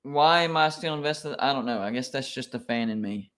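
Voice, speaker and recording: A man streaming live reactions to college football games, excitable and quick to complain like an emotional fan. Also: medium pitch.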